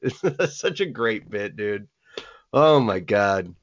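A man's voice: lowish voice, very animated, slow pace, lo-fi sound. A man co-hosting a casual comedy podcast, crude and profane, laughing through his stories.

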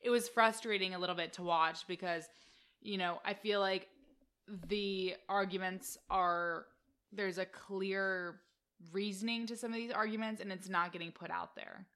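A woman co-hosting a casual recap podcast, chatty and animated, dropping into mock voices for the people she talks about. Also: mid-range voice, normal speed, clean tone. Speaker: podcast co-host. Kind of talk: casual reality-TV recap chat.

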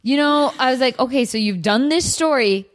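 A woman's voice: high voice, normal speed. A young woman in casual chat with a co-host, throwing in short wry comments and quips. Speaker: podcast co-host.

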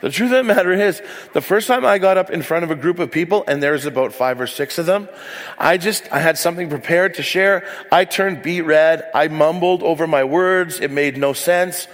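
A pastor preaching in a church hall speaks at a normal pace with a fairly high pitch and a long reverb tail. He tells self-deprecating, candid stories, peppered with frequent asides.

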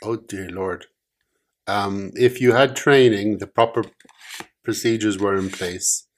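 A man co-hosting a casual chat podcast, dry and wry, quick to poke holes in his partner's logic. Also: fairly low pitch, steady tone. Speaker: podcast co-host.

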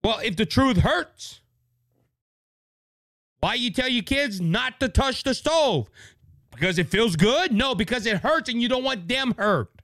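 Brief: male podcast host from Louisiana, high bright voice, preachy and fervent, dry close mic. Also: expressive, unhurried, long pauses, no room sound. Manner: preachy, fervent, repeats words when worked up. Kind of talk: impassioned political podcast monologue. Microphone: studio microphone.

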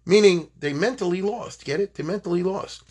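Brief: older man, husky voice, Torah teacher, animated digressive storyteller. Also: high voice, fairly quick. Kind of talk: informal Torah class.

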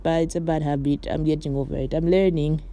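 Warm, dark-voiced chatty podcast host. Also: female voice, deep voice, steady tone, fast talker, a little hiss or hum. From Morocco. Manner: chatty and rambling, with frequent "like" and "you know" and light laughs. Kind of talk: casual solo podcast monologue. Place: on her bed at home.

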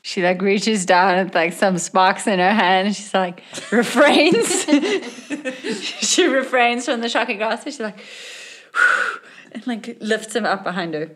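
A woman's voice: medium pitch, a little slow. A woman playing a tabletop game who talks in a casual, offhand way and giggles often. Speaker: player.

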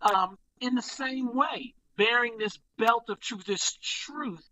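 An older man, a pastor, talking quickly and preacherly in a casual podcast discussion. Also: extremely high pitch, pushed and bright, highs cut off, slight background noise.

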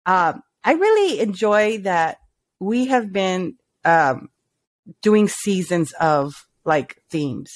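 A woman co-hosting a podcast in loose, easy chat, cursing freely and laughing often. Her voice is mid-pitched and sounds close and dry, with no room around it. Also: big pitch swings, takes it slowly, no room sound. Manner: swears freely, laughs a lot. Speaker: podcast co-host. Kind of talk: casual chat.

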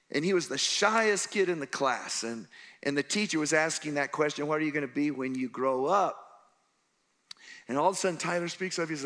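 Male pastor, higher pitched and bright, animated storyteller who acts out characters mid-sermon.

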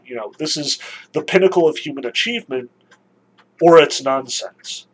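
A man's voice: a little high, a bit bright, husky, rough recording. A man giving a literature lecture, explaining in an emphatic, conversational way.

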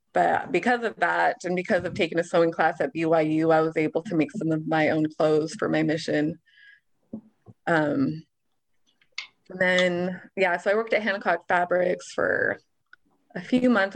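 A woman's voice: lowish voice, fairly even intonation, normal speed, creaky. A woman recalling her past in a casual group chat, rambling and chatty.

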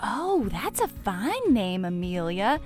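A woman's voice: medium pitch, big pitch swings, slow, darkish tone, soft background music. A woman playing a doting, folksy older mother with a drawling, theatrical way of talking. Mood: comforting.

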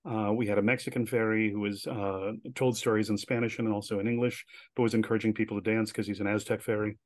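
A man guest telling stories in a casual interview, chatty and animated, with many filler words. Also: on the low side, fast, dry recording. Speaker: guest, director and writer.

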